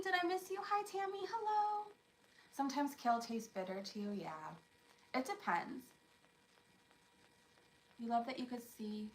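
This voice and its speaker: A woman's voice: mid-range voice, fairly bright tone, roomy sound, distant mic, low-quality recording. A young woman hosting a casual live stream from home, chatting with her viewers by name and rambling from one topic to the next. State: coughing after choking.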